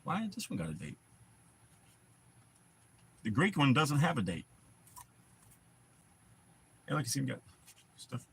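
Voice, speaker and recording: A man's voice: medium pitch, huge pitch swings, measured pace, vocal fry, long pauses, a little hiss or hum. A man hosting a casual livestream, rambling in a laid-back way and swearing often. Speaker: livestream host.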